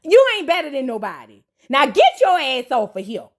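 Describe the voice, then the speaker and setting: A woman's voice: high-pitched, wildly swooping pitch, moderate pace. A woman recapping a reality show in a sassy, dramatic, casual way, talking straight to her audience.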